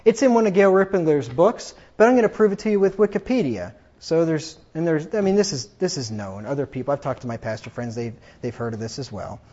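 A man's voice: a little high, expressive, a little fast, few pauses, dark tone, dull audio. A man preaching a sermon from the pulpit, emphatic and combative, often repeating himself for force. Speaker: pastor.

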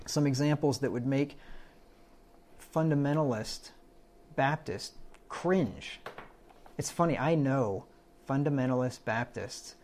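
A man's voice: mid-range voice, slow pace, long pauses, a little mellow. A man preaching a conversational Bible-study sermon, often asking his listeners "right?" and reading verses aloud. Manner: conversational, quotes scripture, asks the room "right?".

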